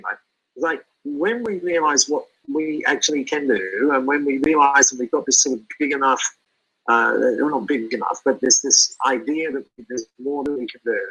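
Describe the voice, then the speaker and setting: A man's voice: a little high, bright, forceful tone, slightly rough, low-quality recording. A middle-aged man as an interview guest, talking animatedly and often repeating words as he thinks aloud. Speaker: speaker and guest. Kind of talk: conversational interview.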